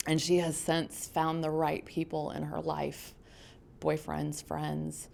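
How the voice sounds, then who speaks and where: A middle-aged woman giving a personal testimonial, reflective and halting, with frequent ums and restarts. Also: low-pitched, completely flat delivery, gravelly, darkish tone. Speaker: mother sharing a testimonial.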